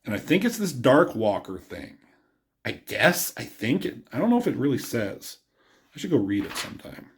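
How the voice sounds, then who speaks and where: A man's voice: mid-range voice, very animated, normal speed, slight background noise. A man reviewing a comic book in a loose, rambling way, with lots of fillers and a chuckle now and then. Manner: rambling, filler-heavy, chuckles at his own jokes. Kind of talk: casual video review.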